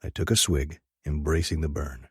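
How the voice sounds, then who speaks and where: A man's voice: very deep voice, steady tone, normal speed, husky, no room sound, studio quality. A man narrating a first-person audiobook with an intense, dramatic reading.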